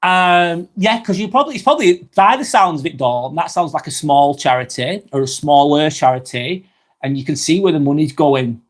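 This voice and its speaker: A man's voice: on the high side, moderate pace. A man hosting a live stream, reading viewers' comments aloud and chatting back in a casual, rambling way. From England.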